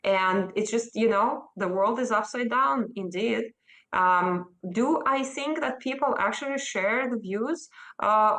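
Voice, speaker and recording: A Russian-accented woman in her thirties answers a news interviewer's questions. She speaks emphatically and earnestly, and her voice often leaps higher as she makes a point. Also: fairly bright tone, rough recording. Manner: emphatic and earnest, with sudden rises in pitch. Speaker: interview guest.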